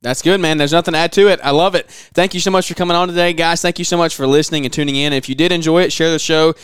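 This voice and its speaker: A Southern man hosts a podcast in relaxed, halting chat full of fillers. His voice is smooth and clear and his pace quick. The sound is dry and close. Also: a little high, dry recording. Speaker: podcast host. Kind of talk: casual interview chat.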